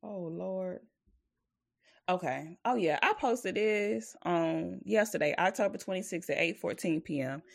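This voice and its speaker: A woman with a notably low voice chats casually as a podcast co-host. She wanders through her points with plenty of "like" and "or whatever", then gets blunt and profane when riled. The sound is close and dry, with no room around it. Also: expressive, normal speed, vocal fry, few pauses, no echo. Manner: rambling, filler-heavy, with frequent "like" and "or whatever". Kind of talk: casual chat.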